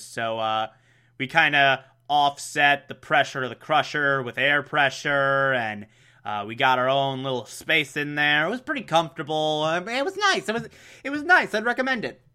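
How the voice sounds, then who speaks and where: A man's voice: a little high, lively intonation, moderate pace, pushed and bright, clean tone. A man voicing Batman as a casual, offhand guy explaining a narrow escape in a jokey way. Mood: breezy.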